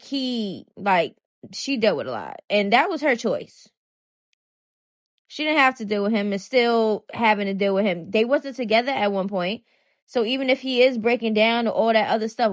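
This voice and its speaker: A woman's voice: on the high side, expressive, normal speed, no room sound. Chatty woman commenting, dry sound. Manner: chatty, hesitant with many fillers. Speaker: commentary channel host. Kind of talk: casual commentary.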